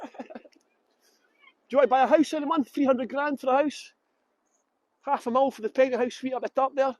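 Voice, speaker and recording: A man's voice: extremely high pitch, fairly even intonation, normal speed, darkish tone, no echo. A middle-aged Scottish man giving a live walking tour on city streets, joking cheekily and greeting viewers, speaking into a phone on a gimbal. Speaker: tour guide. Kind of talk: livestreamed walking tour chat.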